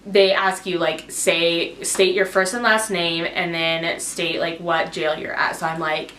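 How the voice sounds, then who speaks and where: A woman's voice: on the low side, little pitch movement, unhurried, a bit bright. A young adult woman vlogger telling a casual storytime, rambling and emotional, with lots of "like". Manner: rambling, emotional retelling full of "like". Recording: echoey room with faint noise.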